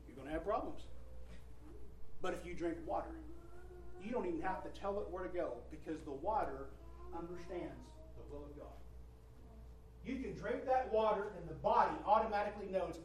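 A man's voice: high voice, lively intonation, moderate pace, a little hiss or hum. A male preacher giving an emphatic sermon, swelling and dropping his voice and repeating phrases for effect. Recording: roomy hall from a distant mic, faint ambience.

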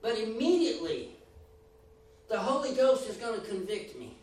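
Very animated and a little mellow, this high-voiced man preaches at a moderate pace, his emphasis climbing and falling as he acts out quoted voices. The roomy, distant recording puts him well back from the mic in a heavily echoing space with faint noise behind.

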